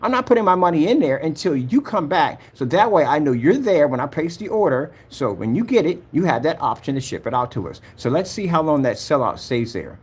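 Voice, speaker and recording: A husky-voiced man rants straight at a rival in a vlog, repeating his jabs over and over. His pitch swings widely from low grumbles up to high, mocking peaks, and his tone stays scratchy throughout. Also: sing-song, a little fast, hardly any pauses. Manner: taunting, repeats himself, talks straight at a rival. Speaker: projector screen maker vlogger. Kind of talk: heated ranting vlog commentary.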